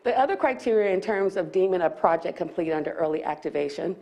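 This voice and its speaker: A woman's voice: on the low side, animated, fast talker, dark tone. A county staff woman presenting at a public board meeting, slightly out of breath, explaining ordinance rules and reading legal text aloud with small restarts.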